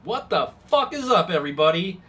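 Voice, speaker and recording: A man's voice: high voice, very animated, a little fast, sharp tone, pitched above the performer's own voice, exaggerated voice. A man voicing a brash, foul-mouthed eleven-year-old girl who swears at every chance. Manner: swears constantly, brash and cocky.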